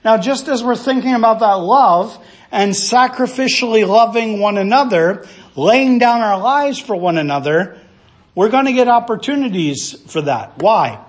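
A man with a notably high voice preaches an expository sermon from the pulpit. He walks through the passage verse by verse in an earnest teaching manner and keeps posing rhetorical questions to his listeners. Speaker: pastor.

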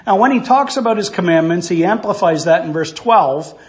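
A man with a notably high voice preaches an expository sermon from the pulpit. He walks through the passage verse by verse in an earnest teaching manner and keeps posing rhetorical questions to his listeners. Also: expressive, normal speed. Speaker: pastor.

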